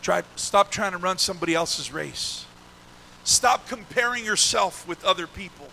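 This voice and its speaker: A male pastor with an unusually high voice and a gravelly, fried edge. He preaches with call-and-response, stretching out shouted refrains, then sinks to near-hushed talk. His tone stays bright and tense throughout. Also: lively intonation, a little hiss or hum, rough recording. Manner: drawn-out repeated shouted refrains. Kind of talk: sermon.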